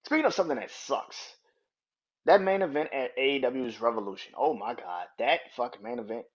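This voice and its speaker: A man's voice: mid-range voice, expressive, brisk, breathy edge, lo-fi sound. A man in his thirties hosting a podcast, ranting heatedly about wrestling with lots of profanity. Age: 30s. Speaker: podcast host. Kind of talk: casual wrestling rant.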